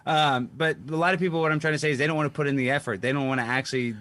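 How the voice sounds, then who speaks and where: A man's voice: fairly high pitch, steady tone, racing, fairly bright tone. A man hosting a podcast in casual chat, blunt and rambling. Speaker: podcast host.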